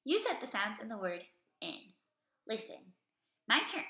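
A woman teaching first grade, reading a story and leading phonics with slow, clear, drawn-out words and questions for the children. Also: on the high side, big pitch swings, sharp tone, echoey room. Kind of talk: recorded reading and phonics lesson.

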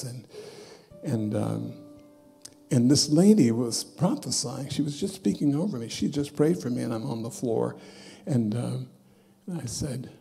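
A bishop preaching a testimony sermon in a church, his voice gravelly and warm. He moves from loud, driving bursts down to soft, hushed asides as he tells his story, with faint music underneath. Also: mid-range voice. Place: church sanctuary.

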